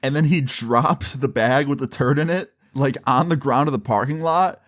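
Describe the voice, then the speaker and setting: A man's voice: mid-range voice, moderate pace. A young man telling a story on his vlog in casual slang, swearing and laughing as he goes. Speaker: vlogger.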